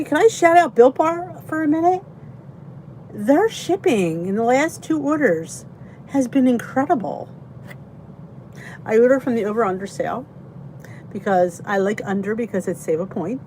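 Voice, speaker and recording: Woman, casual livestream host, tired, chatty, higher pitch, faint background noise. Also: a little mellow. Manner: chatty, greets viewers by name, laughs often. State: tired, yawning. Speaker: channel host. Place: basement by a heater.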